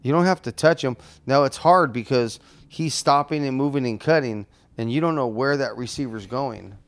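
A man's voice: medium pitch, moderate pace. A man co-hosting a podcast, talking bluntly and heatedly about football with heavy swearing. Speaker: podcast co-host. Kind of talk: casual chat.

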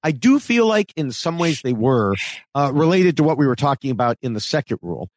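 A man co-hosting a podcast, chatting casually and growing animated when he quotes other people. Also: mid-range voice, a little fast, no echo. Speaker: podcast co-host.

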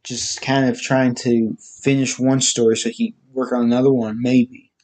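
A man giving a casual, halting spoken movie review, listing facts with frequent restarts. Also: mid-range voice, little pitch movement, a little mellow.

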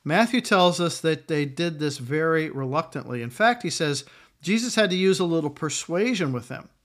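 A man's voice: on the high side, animated, moderate pace. A middle-aged man preaching a sermon in a conversational way, acting out quotes along the way. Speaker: pastor.

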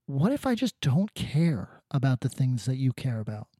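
A man's voice: medium pitch, very animated, normal speed, mellow, breathy edge, no echo, clean studio sound. A man co-hosting a casual podcast, rambling and sardonic, swearing freely. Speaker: podcast co-host.

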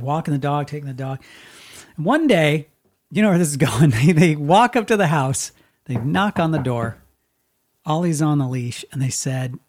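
A man's voice: on the high side, animated. Reflective man telling a story on a podcast. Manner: reflective, halting storyteller who acts out quoted people. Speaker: radio DJ and podcast host. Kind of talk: casual podcast conversation.

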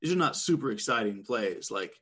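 Husky low-voiced man, measured. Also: animated, a bit bright. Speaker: fantasy sports analyst guest. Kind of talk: casual podcast chat.

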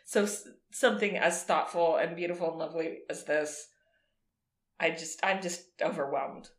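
A woman's voice: on the low side, moderate pace, roomy sound. A woman podcast co-host in casual chat, emotional and teary, laughing through sobs.

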